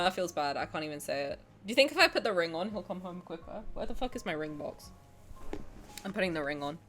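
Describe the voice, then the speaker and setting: A woman streaming a game, talking casually with her chat, swinging from loud squeals to quiet mutters. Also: mid-range voice.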